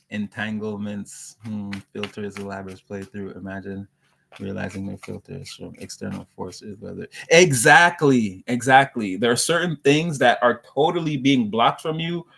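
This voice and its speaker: A man's voice: lowish voice, level tone, moderate pace, gravelly. A man delivering a loose, rambling spiritual message to his viewers, repeating "again" and circling back on his points. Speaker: spiritual reader.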